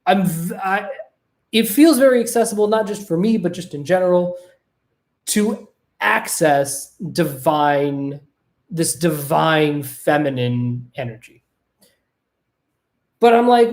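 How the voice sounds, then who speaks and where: A podcast host at a home desk, talking casually on camera in an animated way. The host swears freely and keeps asking "right?". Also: mid-range voice, slow, long pauses.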